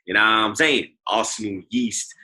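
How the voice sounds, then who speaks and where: A young London man hosts a relaxed football podcast, his forceful, very bright voice sitting on the low side. He talks in loose slangy banter and keeps tagging his lines with "blood" and "you get me". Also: normal speed, low-quality recording. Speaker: podcast host. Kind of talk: casual football podcast chat.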